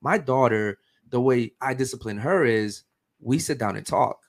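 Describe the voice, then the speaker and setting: A man's voice: mid-range voice, normal speed, gravelly. A man in his thirties hosting a casual podcast chat, talking emphatically and often checking in with "right?". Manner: emphatic, keeps asking "right?". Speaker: podcast host.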